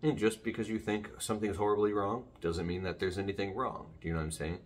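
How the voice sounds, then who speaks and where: In a fast, flat delivery and a voice on the low side, a man vlogs about his dog at home on his phone camera. He talks in a rambling way, keeps jumping off topic, and restarts his sentences.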